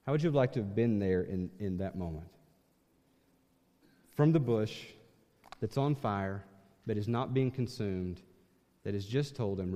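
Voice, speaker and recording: A man's voice: mid-range voice, lively intonation, unhurried, pauses often. Emphatic male pastor in a reverberant church. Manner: emphatic, swings from loud to hushed. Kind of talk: sermon.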